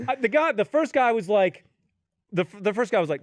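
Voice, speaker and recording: Animated high-voiced man telling a profane story. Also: fairly quick, dry recording. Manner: animated, profane, acts out the people in his story. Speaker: podcast co-host. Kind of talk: casual comedic storytelling. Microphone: studio podcast mic.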